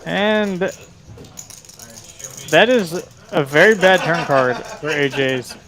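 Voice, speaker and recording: A man's voice: on the high side, animated, slow pace, crowd noise. A man doing live poker commentary, chatty and joking as he calls the hands.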